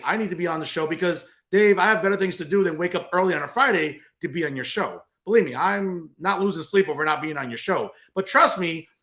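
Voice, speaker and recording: With a high-pitched, sharp voice, this political talk show host rants combatively and sarcastically, repeating himself again and again as he gives his commentary.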